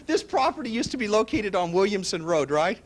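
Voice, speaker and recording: Male seminar speaker; excitable storyteller, high, swooping pitch. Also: a little fast. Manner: animated, excitable, laughs at his own story. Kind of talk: storytelling to a live audience.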